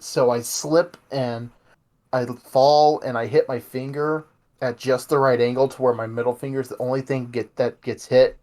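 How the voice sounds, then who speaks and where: Young man, slight Texan accent, casual podcast chat, rambling, self-interrupting, mid-pitched voice. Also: darkish tone. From Texas. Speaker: podcast co-host.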